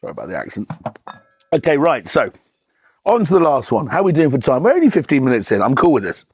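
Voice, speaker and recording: A man's voice: on the high side, very animated, quick pace, breathy edge, no echo, muffled recording. A man hosts a casual wine tasting, talking enthusiastically with lots of ums and restarts. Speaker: wine reviewer and show host.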